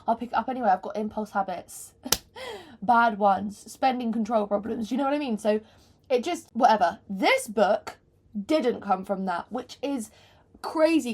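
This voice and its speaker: Young woman vlogging from her bedroom floor, slightly high voice, rambly and self-mocking, swears a lot. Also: darkish tone. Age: 20s. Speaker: book vlogger. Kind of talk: casual chat to camera. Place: bedroom floor, hot room.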